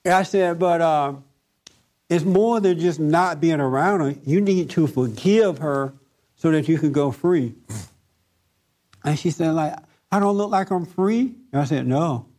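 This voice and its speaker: A man leading a group talk, telling a story in a lively way and laughing often. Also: fairly high pitch, unhurried. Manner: animated, laughs often, acts out other voices. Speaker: discussion group leader.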